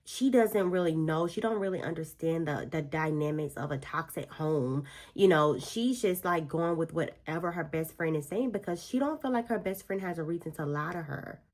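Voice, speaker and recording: A woman vlogger with a low, slightly mellow voice talks through a book review while doing her makeup, speaking at a normal pace and telling the story expressively with slangy asides.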